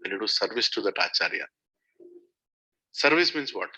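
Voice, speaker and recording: A man's voice: on the low side, animated, normal speed, bright, forceful tone. A man giving a devotional talk to a satsang group, telling stories and asking his listeners questions. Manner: storytelling, asks listeners questions. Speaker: spiritual teacher. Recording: dull lo-fi recording.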